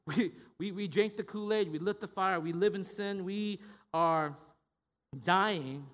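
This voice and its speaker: A man's voice: high voice, takes it slowly, fairly bright tone. A man preaching a sermon as pastor, in a conversational style with frequent "right?" tag questions and restarts. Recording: long hall reverb.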